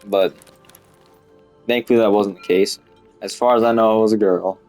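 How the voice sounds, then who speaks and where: A man's voice: fairly low pitch, fairly even intonation, moderate pace, a little mellow, soft background music. A young man telling a story in a rambling, casual way, with lots of swearing and filler "like". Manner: rambling, swears a lot, heavy use of "like". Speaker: vlogger.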